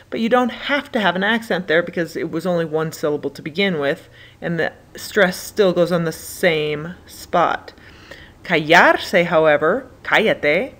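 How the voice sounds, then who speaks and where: Young woman teacher, chatty and upbeat, explaining grammar, voice a bit on the low side. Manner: upbeat, chatty, sings a verb song. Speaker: Spanish teacher. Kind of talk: recorded classroom lesson.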